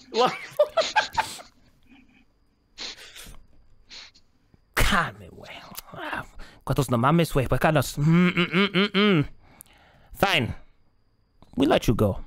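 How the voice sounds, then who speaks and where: A man's voice: a little high, very animated, slow pace, pauses often, a bit bright, dry recording, clean studio sound, voice pushed up, exaggerated voice. A man voicing a menacing leech cartel boss who talks like a crude gangster, with a put-on Mexican Spanish accent and slang. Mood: threatening. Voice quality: thuggish, drawling gangster talk.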